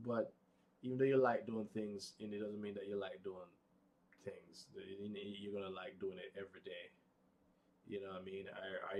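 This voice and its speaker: A man hosting a casual live vlog, rambling in an unhurried, low-key way and stuttering, with many fillers and restarts. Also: slight background noise. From United States, Pacific time zone. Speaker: vlog host.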